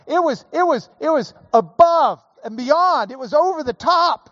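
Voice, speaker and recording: A man preaching a sermon, slow and emphatic, building to raised emphasis on key points. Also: extremely high pitch, animated, fairly bright tone, no echo, lo-fi sound. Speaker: pastor.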